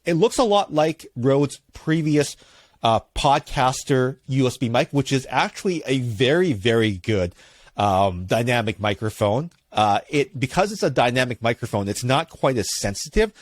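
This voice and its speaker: A man's voice: mid-range voice, expressive, moderate pace, no echo. A man co-hosting a casual tech podcast, explaining gear at length with lots of fillers and restarts, close on a dynamic microphone in a studio. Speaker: podcast co-host reviewing gear.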